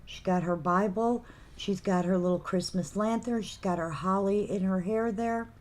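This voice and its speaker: A woman's voice: mid-range voice, a little mellow. Chatty woman hosting a live sale. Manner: chatty, reads out item names and numbers slowly. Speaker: host of a live figurine sale. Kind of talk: casual live-sale chat.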